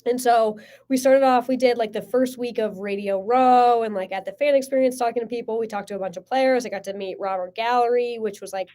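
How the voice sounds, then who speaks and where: Excitable young woman, chatty storyteller. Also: a little high, brisk, few pauses. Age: 20s. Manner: excited, heavy use of "like", lively storytelling. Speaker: sports media guest. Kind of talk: casual podcast chat.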